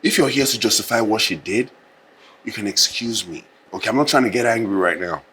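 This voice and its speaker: An actor with a Nigerian accent playing a defensive, scornful man who angers quickly. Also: fairly low pitch, sharp tone, slight background noise. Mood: indignant. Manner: indignant, scornful. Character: proud defensive man, quick to anger, dismissive of his fiancée. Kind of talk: film drama acting.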